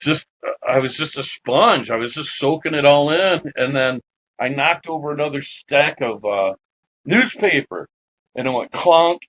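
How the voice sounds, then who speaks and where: A man as a podcast guest, telling a personal story in an animated, casual way and swearing freely. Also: fairly high pitch, measured pace, poor audio.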